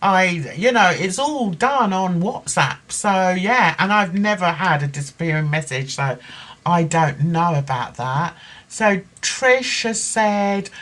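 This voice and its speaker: A woman's voice: medium pitch, very animated, slow pace, fairly bright tone. A woman hosting a livestream, reading out viewer comments and reacting with heated, impassioned talk about a case. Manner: impassioned, heated, talks as a mother. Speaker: livestream host.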